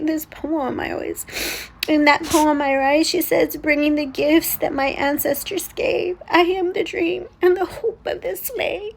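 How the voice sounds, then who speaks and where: A woman sharing a personal spiritual vlog, earnest and emotional, halting with many restarts. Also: sits high, low-quality recording. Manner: earnest, pleading. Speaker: spiritual content creator.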